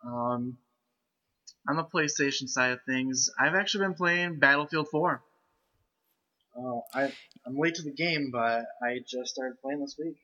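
A man's voice: medium pitch, measured pace, pushed and bright. A man hosting a casual podcast chat, speaking hesitantly with frequent restarts. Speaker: podcast host. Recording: lo-fi home mic.

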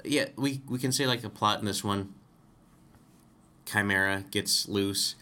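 A man's voice: fairly low pitch, a little slow, sharp tone. A man co-hosting a podcast, chatting casually about a film, rambling and correcting himself as he goes. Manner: rambling, self-correcting, laughs easily. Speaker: podcast co-host. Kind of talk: casual movie discussion.

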